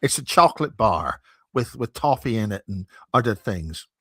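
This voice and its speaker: A man's voice: lowish voice, sing-song, moderate pace, sharp tone, slightly rough, no room sound. A man with a Belfast accent, a conference founder chatting as a guest over a video call, rambling and joking. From Northern Ireland. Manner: rambling, joking, self-interrupting. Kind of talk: casual chat. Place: home in Wiltshire.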